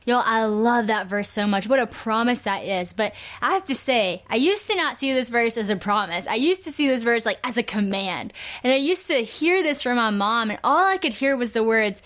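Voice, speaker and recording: A woman's voice: on the high side, expressive, brisk, fairly bright tone. Earnest young woman sharing scripture. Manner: earnest, conversational, reads scripture aloud. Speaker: devotional speaker. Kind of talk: heartfelt devotional talk.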